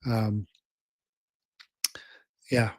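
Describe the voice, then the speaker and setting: A man's voice: fairly low pitch, flat delivery, extremely slow, a little mellow, dry recording, clean studio sound. An older man hosting a livestream, reading viewer comments in a rambling, casual way with many fillers. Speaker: show host.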